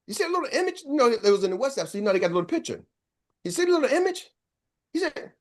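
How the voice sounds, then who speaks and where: Animated older male business coach. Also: extremely high pitch, fast talker. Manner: expressive, acts out both sides of conversations; casual slangy delivery. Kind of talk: animated storytelling to an audience.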